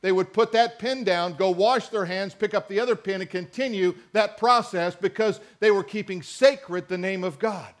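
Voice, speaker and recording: A man preaching a sermon, reading scripture slowly and with emphasis and calling on the congregation to answer. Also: high voice.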